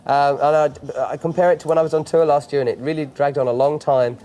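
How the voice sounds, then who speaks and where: A man's voice: on the high side, fairly even intonation, fast, dark tone. A man answering a caller politely and chattily on a 1980s TV show archive clip.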